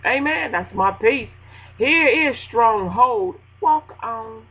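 A woman radio host ranting casually to her listeners, animated and laughing, acting out a phone call in a high voice. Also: slow, slightly rough. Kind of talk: casual spoken rant.

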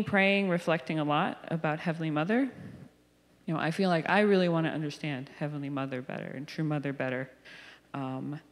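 A woman in her thirties giving a sermon, chatty and personal, telling stories with little asides. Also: low-pitched. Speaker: pastor. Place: church hall. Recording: church hall reverb.

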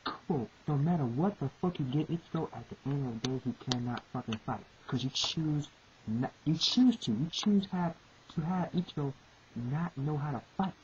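A woman's voice: sits low, lively intonation, moderate pace, a little mellow. A woman giving profane, repetitive, exasperated ranting commentary on a comic chapter. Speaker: manga reviewer. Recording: muffled lo-fi recording with hiss.

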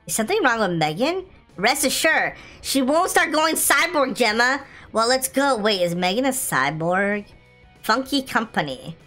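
A woman hosting a casual gameplay video, chatty, excitable and often giggling as she plays. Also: fairly high pitch, normal speed, soft background music. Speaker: gaming video host.

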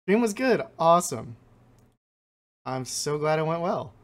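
A man streaming a card game, chatting with his viewers and reading the game's text aloud between quick reactions. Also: a little high, big pitch swings. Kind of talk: casual let's-play commentary with chat. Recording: faint game music behind the voice.

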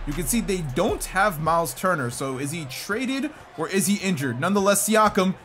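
Excitable high-voiced young gaming commentator. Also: male voice, normal speed. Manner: excitable, yelps and shouts at plays. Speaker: gaming YouTuber. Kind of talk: video game commentary. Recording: game music playing behind.

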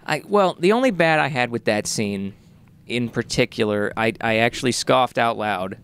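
A man's voice: mid-range voice, animated, normal speed, fairly bright tone, clean tone. A man in his thirties co-hosting a podcast, making dry, sardonic remarks about a movie. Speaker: podcast co-host. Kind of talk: casual movie chat.

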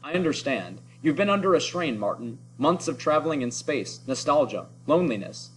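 A man's voice: fairly high pitch, sing-song, moderate pace, slight background noise, poor audio. A man reading as a stern, scornful starship captain. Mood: impatient. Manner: clipped, scornful and impatient.

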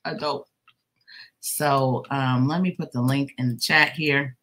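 A woman's voice: rumbling low, steady tone, slow, a bit bright. A woman hosting a casual craft livestream while crocheting. She greets her viewers one by one by name and teases them playfully. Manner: playful teasing with laughter. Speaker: livestream host.

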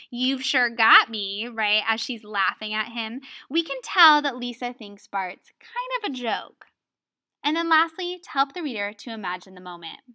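A woman's voice: on the high side, bright, forceful tone. A woman teaching a writing lesson on dialogue, explaining step by step and often checking in with "right?". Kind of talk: recorded lesson video.

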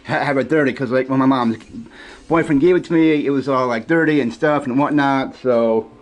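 Halting, rambling man vlogger. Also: medium pitch. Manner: halting, repeats words, many fillers. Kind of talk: casual talk to camera.

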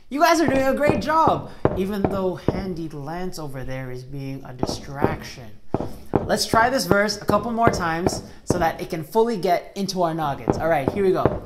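A woman's voice: fairly low pitch, lively intonation, moderate pace, a little hiss or hum. A woman teaching children a Bible memory verse in an upbeat, encouraging way, acting playfully exasperated at a helper. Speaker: Sunday school teacher.

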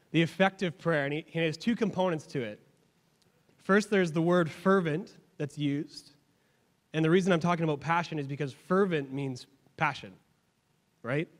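A young man preaching a sermon as a pastor, telling stories in a casual, humorous way. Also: a little high. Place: church sanctuary. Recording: long hall reverb.

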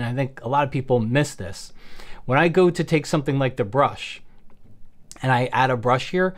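A man walks through a software tutorial in a relaxed, explanatory way, voice pitched in the middle range. He keeps checking in with the listener with quick "okay"s and "all right"s as he goes. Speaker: photography software instructor. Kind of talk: screen-recorded software tutorial.

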